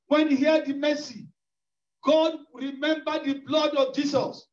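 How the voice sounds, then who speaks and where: High-voiced man preaching, echoey and distant. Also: flat delivery, unhurried. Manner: emphatic, repetitive preaching with rising cries. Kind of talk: sermon. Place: church hall. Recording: echoey distant lo-fi church recording.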